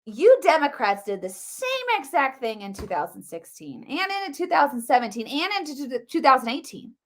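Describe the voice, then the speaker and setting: A woman hosting a live political commentary stream, talking quickly and emphatically. She repeats herself and fills her sentences with "like". Her voice sits a little high. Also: big pitch swings. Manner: rapid, repetitive, emphatic, with many "like" fillers.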